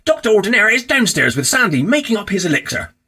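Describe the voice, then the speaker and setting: Guy narrating a story, bright high voice, lively. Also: quick pace, husky. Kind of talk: scripted narration.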